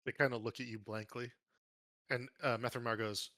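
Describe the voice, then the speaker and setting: Guy running a d&d game, describes the scene, lots of ums, bright voice, dry close mic. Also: mid-range voice, flat delivery, moderate pace, no echo. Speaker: dungeon master. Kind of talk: narrating a tabletop game.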